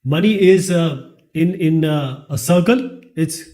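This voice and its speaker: A man with an Indian English accent delivers a classroom lecture in a fairly high voice. He keeps asking the class rhetorical questions and answers each one himself. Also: takes it slowly, dark tone. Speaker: teacher.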